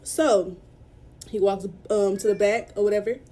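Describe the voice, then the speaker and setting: A young woman telling an emotional storytime vlog, upset and halting, with many fillers and restarts, recorded on a phone camera in a small room. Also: mid-range voice, fairly even intonation, dark tone. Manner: tearful at moments. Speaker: vlogger.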